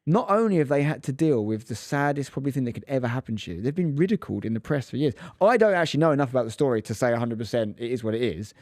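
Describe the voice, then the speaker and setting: A man's voice: mid-range voice, lively intonation, very fast, few pauses, darkish tone, no echo, studio quality. A man in his thirties, a podcast co-host, telling a story in casual chat and acting out the quotes with animation.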